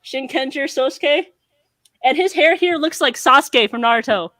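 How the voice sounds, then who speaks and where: High-voiced, rambling young American guy. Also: normal speed, dry recording. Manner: rambling, animated storytelling with lots of fillers. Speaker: podcast guest. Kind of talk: excited casual chat.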